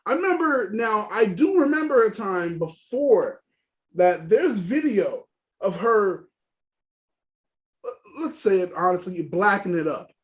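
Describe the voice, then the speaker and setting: A man's voice: sits high, big pitch swings, slow, pauses often. A man from Haiti, co-hosting a casual podcast, talking bluntly and animatedly and swearing freely. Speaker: podcast co-host.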